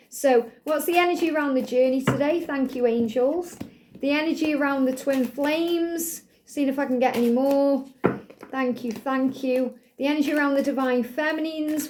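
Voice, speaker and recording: High-voiced woman giving a soothing tarot reading. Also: darkish tone. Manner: soothing, affirming, repeats phrases slowly. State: a little out of breath. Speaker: tarot card reader. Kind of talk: spiritual card reading.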